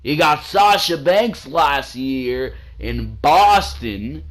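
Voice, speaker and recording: A man giving casual solo commentary as a wrestling show reviewer, animated and blunt, swearing now and then and calling listeners "bro". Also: on the high side, very slow.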